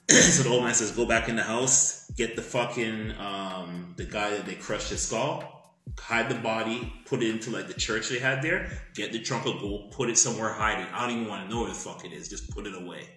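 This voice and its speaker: This man has a lowish voice and speaks fairly quickly as he recounts a movie's plot on a podcast, cursing liberally and performing sound effects along the way. It's a relaxed storytelling chat recorded in an echoey room with slight background noise.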